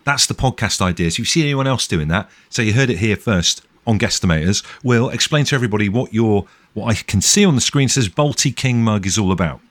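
Podcast co-host, thirties, rapid and animated, lowish voice. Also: male voice. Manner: chatty, jokey and animated. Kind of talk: casual chat. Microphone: video call.

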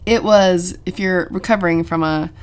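Chatty lower-voiced mom co-host. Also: female voice, normal speed, clean tone. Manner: chatty, animated, laughs often, many "like"s. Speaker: podcast co-host and mother. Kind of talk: casual chat.

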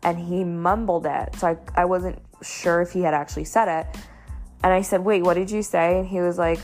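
A young woman tells a personal story in loose, casual talk, leaning on "like" and "you know". Her voice sits low with a gravelly fry, and faint music plays underneath. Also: fairly even intonation, moderate pace, a little mellow. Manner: chatty, many fillers like "you know" and "like". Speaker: storyteller sharing a dating story.

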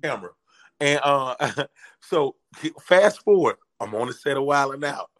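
A man's voice: medium pitch, a little slow. A man, telling a story in casual chat and acting out the voices in his quotes. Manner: animated, acts out voices in quotes. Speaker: comedian guest telling a story.

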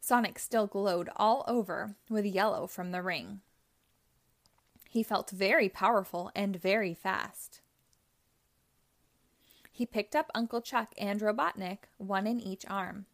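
A woman reading a children's chapter book aloud, narrating slowly and carefully. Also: medium pitch. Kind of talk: read-aloud storybook narration.

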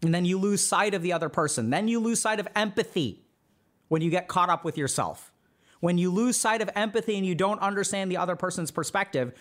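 High-voiced man giving casual advice. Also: a bit bright. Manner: conversational, acts out imagined inner voices, often asks "right?". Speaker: podcast host, psychiatrist. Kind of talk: casual advice talk to a live chat.

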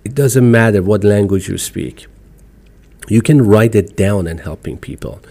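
A middle-aged man from Iran speaks with a strong Iranian accent, his voice fairly low and dark in tone. He talks as an interview guest in a casual, emphatic way, pushing his points with animated bursts and non-native phrasing. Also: unhurried. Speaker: podcast guest.

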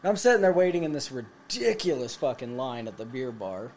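A man in his late twenties telling a profane story to friends, animated and laughing as he goes. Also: medium pitch, a little fast. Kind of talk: casual storytelling among friends.

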